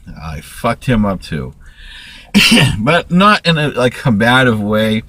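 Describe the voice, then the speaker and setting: A man's voice: medium pitch, big pitch swings, slow pace, sharp tone, no echo. A man ranting in a rambling, profane monologue to camera, restarting sentences often. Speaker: vlogger.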